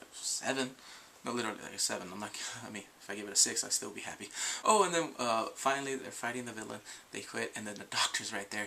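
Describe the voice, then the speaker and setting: A man's voice: medium pitch, creaky, sharp tone, slight background noise. A young man reviewing a TV episode in a casual, rambling way. He goes off on tangents and acts out scenes in quoted voices. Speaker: video reviewer.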